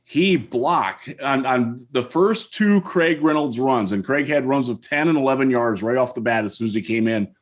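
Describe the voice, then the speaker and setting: A man's voice: medium pitch, lively intonation, moderate pace, few pauses. A man co-hosting a podcast from home, talking through football plays in detail in a casual chat. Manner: thoughtful, detailed football analysis. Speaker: podcast co-host.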